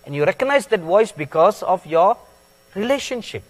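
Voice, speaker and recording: A man preaching a sermon in a slow, deliberate way, stressing words with sudden loud peaks. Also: high-pitched, animated. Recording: long hall reverb.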